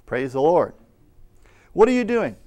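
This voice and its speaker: A man's voice: fairly high pitch, very animated, a little slow, mellow. A man preaching a Bible school class, exhorting his listeners, calling for amens and reading scripture aloud. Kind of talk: sermon.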